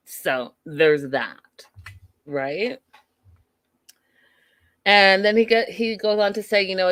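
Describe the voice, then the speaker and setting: A woman's voice: mid-range voice, unhurried, a bit bright, no room sound. A woman hosting a show, giving a chatty, opinionated recap of a reality TV episode and greeting viewers from the live chat. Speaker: show host.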